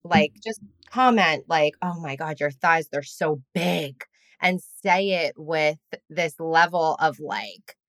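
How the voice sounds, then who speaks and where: A woman's voice: low voice, slow, no echo. A woman hosting a podcast, chatting casually and laughing often. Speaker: podcast host. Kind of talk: casual interview chat. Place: room in New York with street noise outside.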